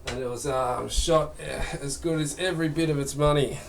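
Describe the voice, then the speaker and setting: A man's voice: mid-range voice, steady tone, moderate pace, creaky, slight background noise. A man chatting casually during a live gaming stream, answering viewer questions in a rambling way.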